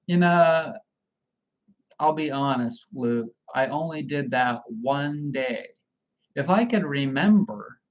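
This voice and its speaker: A man's voice: on the high side, lo-fi sound. A man hosting a casual livestream, rambling and chatting directly with his viewers. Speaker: livestream host.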